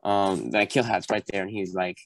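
A young adult man as a podcast guest, telling animated stories full of fillers and acting out quoted voices with sudden high jumps. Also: moderate pace, vocal fry, poor audio. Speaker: podcast guest, Marine recounting boot camp. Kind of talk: casual storytelling chat.

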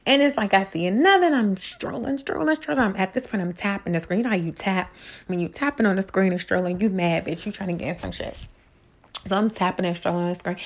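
A woman's voice: mid-range voice, expressive, normal speed, vocal fry. A young woman hosting her own podcast, ranting casually in a blunt, profane way and repeating her points. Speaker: podcast host. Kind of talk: casual solo podcast rant.

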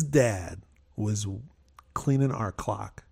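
A man in his fifties chatting casually on a podcast, telling rambling stories with animated asides. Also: on the low side, takes it slowly, creaky. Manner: rambling, with frequent restarts and animated quoted asides. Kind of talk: casual storytelling chat.

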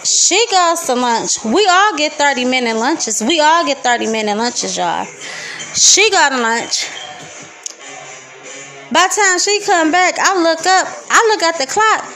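A woman's voice: sits high, animated, measured pace, bright, forceful tone, faint music behind. A young woman with a Detroit accent, venting profanely and heatedly in a casual podcast monologue. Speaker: podcast host.

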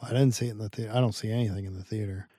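A man co-hosting a podcast in casual chat, blunt and teasing, telling things in an animated way. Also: lowish voice, racing, no echo, studio quality. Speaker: podcast co-host.

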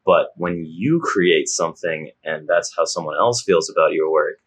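A man's voice: sits low, moderate pace, a little hiss or hum. A young man co-hosting a podcast, chatting casually and enthusiastically, laughing and rambling with fillers. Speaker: podcast co-host. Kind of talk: casual chat.

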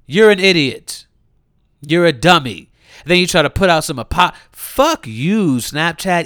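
A young man tears through a profane comedic rant, his voice sitting a little high. He swings from sudden loud outbursts to sarcastic mutters. The sound is close and dry, with no room around it. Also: very animated, moderate pace, smooth, dry recording. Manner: heated, mocking, swinging between loud outbursts and muttered asides. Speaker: commentator.

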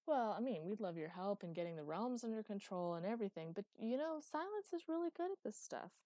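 A woman's voice: medium pitch, sing-song, brisk, dark tone, no echo, lightly acted. A woman voicing an eager, anxious young goddess who talks in a hopeful rush. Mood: awkward.

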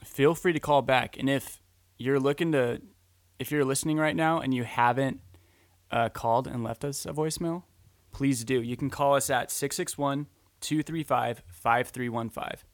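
A man hosting a podcast in casual chat, easygoing with short replies and relaxed asides. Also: medium pitch, normal speed, no echo. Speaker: podcast host.

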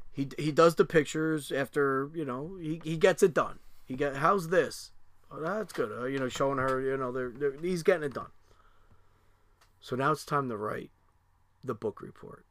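A man's voice: medium pitch, normal speed, pauses often, dry recording. A middle-aged man telling a family story in casual chat, rambling with lots of fillers and restarts, and swearing freely.

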